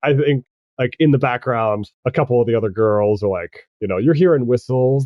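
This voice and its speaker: A man narrating as game master of a tabletop game, halting and chuckling as he goes. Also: medium pitch, no echo, muffled recording. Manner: halting, full of restarts and chuckles.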